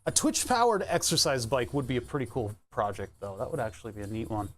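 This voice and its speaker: A man's voice: medium pitch, sing-song, fast, a bit bright. A man streaming live, chatting casually and thinking aloud as he pedals an exercise bike, laughing often. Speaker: Twitch streamer.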